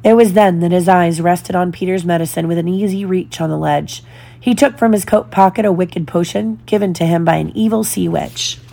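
A woman reading a children's storybook aloud in a slow, deliberate storytelling manner. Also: fairly low pitch, vocal fry, dark tone. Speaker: storybook reader.

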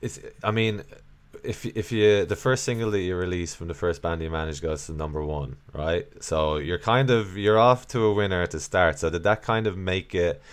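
A man hosting a podcast, asking long, halting, rambling questions. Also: sits low, clean tone. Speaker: podcast host. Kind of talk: interview questions.

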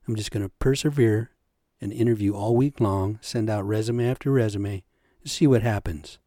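A man's voice: mid-range voice, warm tone, dry recording, clean studio sound. A middle-aged man hosting a podcast, delivering a blunt, heated, profane rant and acting out the people he quotes. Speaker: podcast host. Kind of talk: angry ranting monologue.

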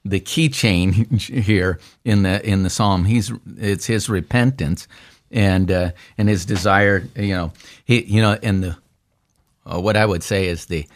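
A man, a pastor, talking through a psalm in a casual discussion, with many restarts and fillers that lift into animated quotes. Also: deep voice, measured pace.

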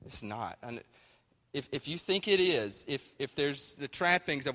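A man's voice: medium pitch, lively intonation, unhurried, long pauses, sharp tone. A man preaching a sermon in a folksy, conversational way. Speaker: pastor. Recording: hall reverb.

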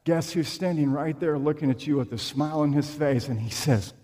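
A man preaching a sermon in a church, slow and emphatic, with dramatic pauses. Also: a little high, warm tone. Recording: long reverb of a large room.

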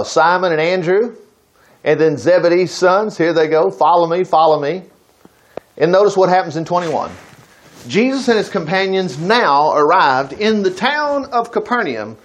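A man preaching a conversational sermon, reading scripture aloud and breaking off into chatty, folksy asides. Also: a little high.

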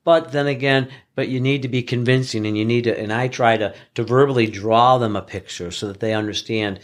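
A man's voice: mid-range voice, steady tone, brisk, hardly any pauses. Middle-aged guy telling job stories, earnest and plain, keeps restarting his sentences. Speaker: flooring contractor guest. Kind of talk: casual storytelling.

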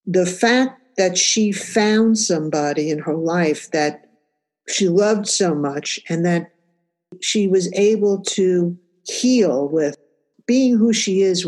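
A woman's voice: on the low side, darkish tone. An older woman from New York telling her life story in a reflective, conversational way, often saying "you know". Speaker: interviewee. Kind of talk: personal storytelling.

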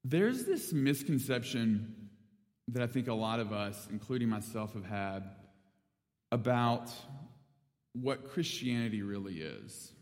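A young man giving a sermon, telling a story with lively acted-out quotes before turning to scripture. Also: mid-range voice, unhurried, long pauses. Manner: animated storyteller, acts out quotes. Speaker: preacher. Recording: long reverb of a big hall.

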